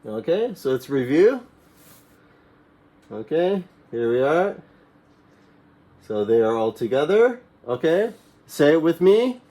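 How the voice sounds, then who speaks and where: A man teaching a classroom English lesson to young learners, repeating simple commands slowly for them to echo. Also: on the high side, big pitch swings, dark tone. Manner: slow, repeats phrases for students to echo; mimics classroom commands in a raised voice.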